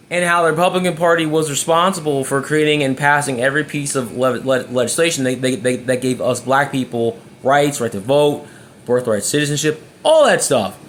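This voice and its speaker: A man with a slightly high voice tells his personal story to camera. He is emphatic and often trips over and repeats words. A faint background noise runs underneath. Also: fairly bright tone. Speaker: vlogger.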